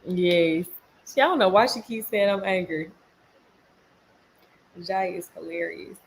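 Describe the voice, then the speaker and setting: A young woman and mother chatting casually with viewers on a livestream, animated and laughing often, breaking off to tell her toddlers off. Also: on the low side, normal speed, creaky, slight background noise. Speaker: mom vlogger on a livestream.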